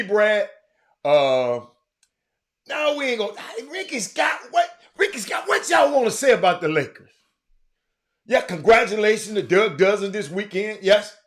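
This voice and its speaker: A man hosting a casual livestream, reading viewer comments and greeting people by name in an animated, loose way. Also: high voice. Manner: animated, shouts out viewers by name, drifts off-mic. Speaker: livestream host.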